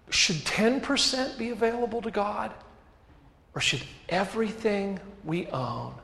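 A man preaching a sermon as pastor, asking rhetorical questions and dropping to quiet emphasis. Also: on the high side, gravelly. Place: church sanctuary. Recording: echoey hall reverb.

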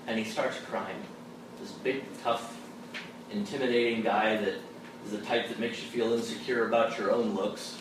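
A man giving an animated storytelling talk as a theology lecturer, often dropping low and soft when he acts out the people he quotes. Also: normal speed, heavy reverb. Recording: distant mic, noisy live room.

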